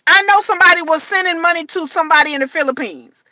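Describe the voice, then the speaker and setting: A woman delivers a blunt, slangy vlog commentary, hammering her points home with repetition. Her voice sits high and sounds bright and forceful. The recording is dry and close. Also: quick pace, no room sound. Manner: blunt, emphatic, slangy, repeats phrases. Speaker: reality TV commentator.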